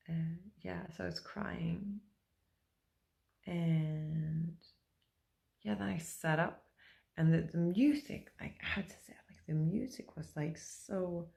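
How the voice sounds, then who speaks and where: A woman's voice: lowish voice, gravelly, mellow. A woman vlogger telling a personal story to camera in a rambling, hesitant way, full of fillers and restarts.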